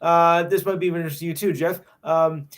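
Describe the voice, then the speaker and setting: A man's voice: fairly high pitch, fairly even intonation, fairly quick, fairly bright tone. A man who hosts a podcast, promoting it in a casual chat, hesitant with many fillers. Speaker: podcast host.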